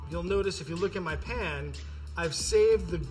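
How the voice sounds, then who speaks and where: A male professional chef calmly explaining each step of a cooking demonstration. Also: high-pitched, moderate pace, over music. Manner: calm, instructive.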